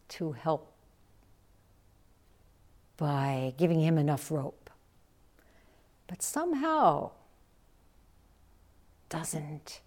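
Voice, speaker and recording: A woman Zen teacher giving a dharma talk, telling a story slowly and reflectively and acting out the quotes. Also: on the low side, a little mellow.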